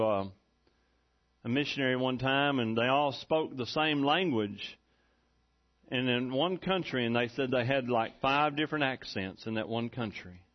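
A middle-aged man preaching a sermon as pastor, folksy and rising to loud, excited preaching. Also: medium pitch. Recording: dull lo-fi recording.

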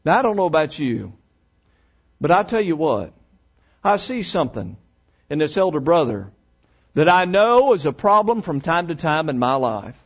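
A man preaching a sermon, folksy and emphatic, swinging between loud and hushed. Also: a little high, big pitch swings, normal speed, long pauses, slightly rough, lo-fi sound.

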